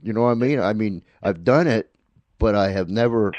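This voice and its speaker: An older radio host talking with his guest, in a halting way, repeating himself as he gathers his thoughts. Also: on the low side, a little mellow, no echo, highs cut off.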